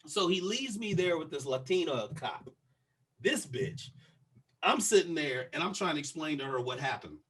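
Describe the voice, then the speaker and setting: A husky, slightly raised voice carries this man's casual podcast storytelling. He is profane and animated, slipping into the voices of the people in his story as he recounts it. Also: on the high side, moderate pace. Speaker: podcast co-host.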